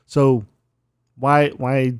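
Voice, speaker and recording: A man's voice: mid-range voice, flat delivery, drawn-out words, clear, resonant tone, no room sound, studio quality. A man co-hosting a podcast in casual chat, blunt and teasing, swearing and laughing often. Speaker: podcast co-host.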